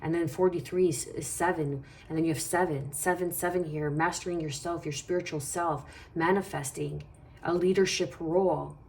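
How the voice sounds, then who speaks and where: A woman's voice: sits low, fairly even intonation, moderate pace, darkish tone. A woman giving a casual tarot reading, talking in a meandering, reassuring way and thinking aloud as she goes. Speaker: tarot reader.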